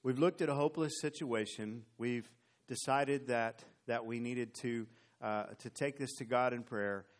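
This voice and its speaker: A male pastor with a medium-pitched voice preaches a little slowly, animatedly retelling a scripture story. He reads the verses aloud in old, formal English.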